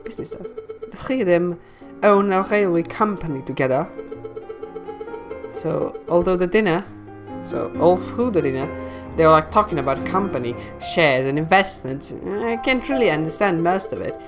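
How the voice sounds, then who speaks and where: A woman voicing an excitable young noble lady who gushes in breathless chatter in a game playthrough. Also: fairly low pitch, moderate pace, over music. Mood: chatty.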